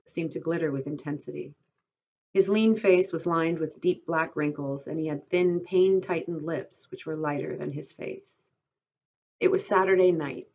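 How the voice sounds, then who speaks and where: A woman teacher reading a novel aloud, steady and clear, stopping to pose questions to her class. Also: sits low. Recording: dull lo-fi recording.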